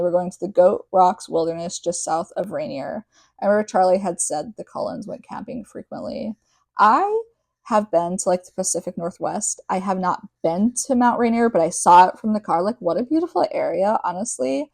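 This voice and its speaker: A young woman talks through a book chapter in a loose, rambling podcast style, full of filler words and tangents. Her voice is mellow and soft-edged, and the recording is dry and close with little room sound. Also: medium pitch, brisk, gravelly, no echo. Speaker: podcast host. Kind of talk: casual book recap podcast.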